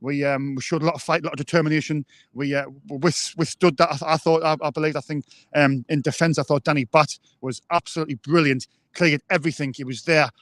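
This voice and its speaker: A man's voice: a little high, steady tone, fast talker, a bit bright, no echo. A man co-hosting a live football fan show, hesitant, with many ums and restarts. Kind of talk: live fan podcast chat.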